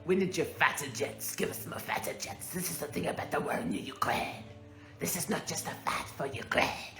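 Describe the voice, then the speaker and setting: A woman's voice: sits low, animated, moderate pace, fairly bright tone. A woman doing a mocking impression of a pleading male wartime leader, whiny, begging and boastful, recorded in an echoey room with faint music.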